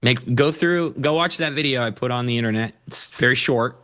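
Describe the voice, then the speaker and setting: Bright, laughing male stream co-host. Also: medium pitch, brisk. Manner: laughs often, loose and chatty. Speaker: co-host answering chat questions. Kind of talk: casual live-stream chat.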